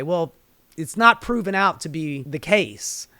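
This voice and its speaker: A man's voice: fairly high pitch, expressive, unhurried, bright, forceful tone, clear, resonant tone, dry recording. A man ranting about politics as host of his own commentary show, profane and sarcastic, heated in his delivery.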